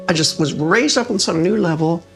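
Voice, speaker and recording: An older woman tells her stories with a gravelly edge to her voice. She speaks as a guest in a relaxed conversation and acts out every quoted line with feeling. Soft music plays faintly behind her. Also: fairly low pitch, fairly quick. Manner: expressive, acts out quoted speech. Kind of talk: conversational storytelling.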